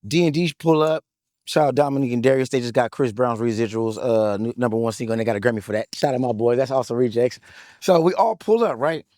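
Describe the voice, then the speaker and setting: In a clean studio recording with no room sound, a man in his thirties tells his story during an interview. He's excitable and hyped, speaking quickly at a medium pitch, packing in "like, like" fillers, street slang and swearing.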